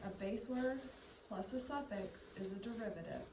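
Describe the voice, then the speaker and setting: A woman's voice: on the high side, moderate pace, background noise. A woman tutoring a child one-on-one in reading, patient and encouraging, coaxing answers out of him. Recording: echoey room, mic at a distance.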